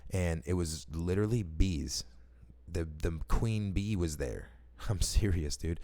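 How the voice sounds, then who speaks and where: This low-pitched man takes his time, unhurried as he rambles through personal stories. He's excitable and slangy, curses a lot, and often starts his sentences over.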